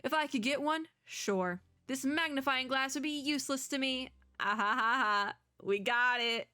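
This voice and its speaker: A woman voicing a fussy, contrarian platypus who guards tiny shells in a video game, reading the lines in a high, defensive tone. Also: moderate pace, pushed and bright, no echo. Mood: prim. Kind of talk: reading game dialogue aloud.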